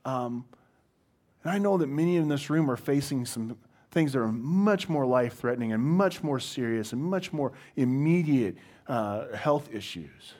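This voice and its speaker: A man's voice: medium pitch, expressive, moderate pace, a little mellow. A man, a pastor, giving a conversational sermon to a congregation, with wry self-deprecating humor and frequent restarts.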